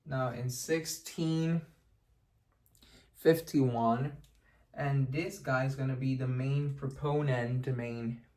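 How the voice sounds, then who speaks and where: A man's voice: medium pitch, darkish tone. Chatty man giving a history lesson. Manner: chatty, digressive, with joking asides and self-corrections. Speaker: history lecturer and channel host. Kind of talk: casual explanatory history lesson.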